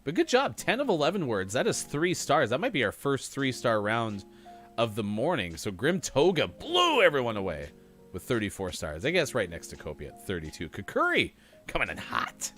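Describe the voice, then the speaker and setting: An upbeat man co-hosts a live gaming morning show and rattles off player standings. His pitch climbs and dips all over the place. Faint music plays underneath. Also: huge pitch swings, moderate pace, fairly bright tone. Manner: upbeat announcer reading scores. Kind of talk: live-stream game commentary.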